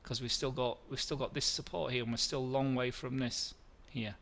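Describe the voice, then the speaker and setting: A man's voice: mid-range voice, fairly even intonation, a little fast, vocal fry, a bit bright. A middle-aged man hosting a live trading webinar, walking through charts, answering viewer questions and often correcting himself mid-sentence.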